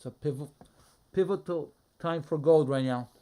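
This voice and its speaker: A man streaming a live trading session, muttering his thoughts aloud in a low-key, halting way. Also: warm tone. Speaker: day trader streaming a live trading room. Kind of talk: casual live market commentary.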